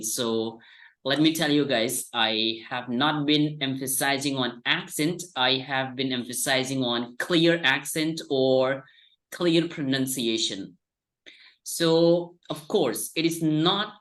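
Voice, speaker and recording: A man's voice: mid-range voice, a bit bright. A man teaching an online English class over a video call, answering questions patiently and repeating "all right" a lot. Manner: slow, patient explaining with frequent "all right".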